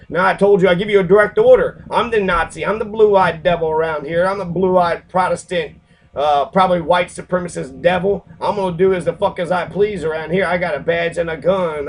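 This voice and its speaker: Brief: man doing a loud jeering cop, cocky, pitched a little high. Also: natural voice, rough recording. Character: cocky, brutal male police officer mocked.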